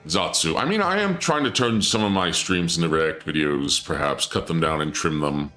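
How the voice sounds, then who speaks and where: A man's voice: deep voice, animated, moderate pace, sharp tone. A man streaming a game, chatting casually to his viewers and rambling through a story, often trailing off and restarting sentences. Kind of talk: casual gameplay commentary to chat. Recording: music playing behind the voice.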